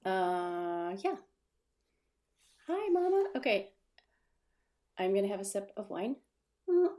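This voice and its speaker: A woman's voice: mid-range voice, very animated, a little slow, warm tone. A woman hosting a casual live stream from her desk at home, chatting in a rambling way, reading viewer comments aloud and laughing at her own stumbles. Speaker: livestream host.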